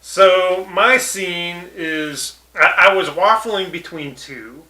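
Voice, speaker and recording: A man co-hosting a casual episode review, relaxed and chuckling as he leads the segments. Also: high-pitched, slow, reverberant, low-quality recording. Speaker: podcast co-host.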